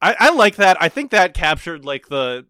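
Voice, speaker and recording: A man co-hosting a podcast in casual chat. He is excitable, laughs easily and swears often. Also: sits high, moderate pace, clear, resonant tone, no room sound, studio quality. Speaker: podcast co-host.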